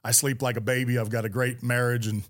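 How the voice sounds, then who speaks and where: A middle-aged man from California tells long stories at a fast clip, his voice sitting at a middle pitch. He talks with energy and often restarts or repeats words as he goes. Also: flat delivery, a bit bright. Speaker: podcast guest, former Navy SEAL commander. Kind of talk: storytelling interview talk.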